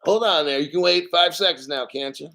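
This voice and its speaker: A brash man hosting a crypto vlog, swearing freely and cracking jokes between points. His voice sits a little high for a man, and he hammers home key words by slowing right down on them. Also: gravelly, bright, forceful tone. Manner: brash and profane, jokey asides; emphatic, repeats words slowly. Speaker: crypto channel host. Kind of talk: casual crypto vlog commentary.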